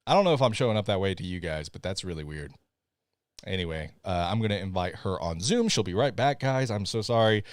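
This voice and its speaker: A man's voice: low voice, expressive, brisk, no room sound, studio quality. A man with a Southern accent hosting a live podcast stream, chatty and apologetic while fixing tech. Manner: chatty, apologetic, laughs often. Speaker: podcast host. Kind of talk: casual live-stream chat.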